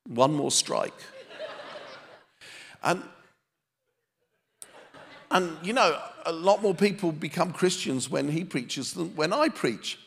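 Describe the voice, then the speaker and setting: A pastor delivers a sermon to a live church audience, his gravelly voice carrying a long reverb across the hall. He is a man who tells self-deprecating stories with sharp comic timing. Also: high voice, a little hiss or hum. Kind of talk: sermon with humorous storytelling.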